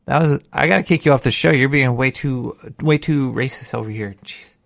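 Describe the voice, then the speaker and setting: A man hosting a podcast in casual chat, joking and laid-back, a little high. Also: brisk, vocal fry, fairly bright tone, no room sound, clean studio sound. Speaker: podcast host.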